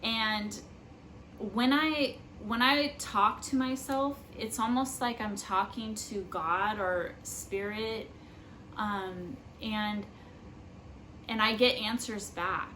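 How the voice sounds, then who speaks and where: A woman's voice: medium pitch, takes it slowly, bright, forceful tone, a little hiss or hum, rough recording. A young woman giving casual spiritual life advice in an earnest, rambling way, full of fillers. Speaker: spiritual vlogger. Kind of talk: casual personal advice talk.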